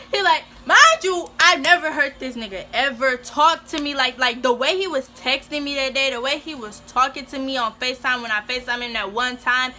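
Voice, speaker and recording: Young woman vlogger, fairly high bright voice, animated emotional storytelling. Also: fairly quick, hardly any pauses. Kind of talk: casual storytime.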